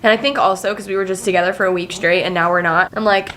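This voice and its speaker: A woman in her twenties talking casually to camera in a vlog, chatty and excitable, swearing freely and leaning on filler words. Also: medium pitch, quick pace, a little hiss or hum. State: emotional, near tears. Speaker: vlogger.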